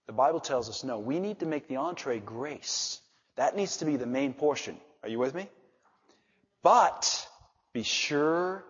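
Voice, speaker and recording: A man preaching a sermon, his slightly husky voice swinging from soft asides to loud emphasis. The recording is dull and muffled, with a long reverb trailing each phrase. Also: mid-range voice. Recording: dull reverberant hall sound.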